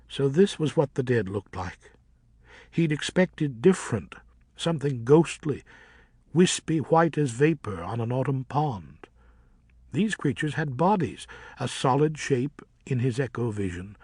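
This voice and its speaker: Husky man narrating an audiobook. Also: mid-range voice, a little mellow, dry recording, studio quality. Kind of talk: storybook narration.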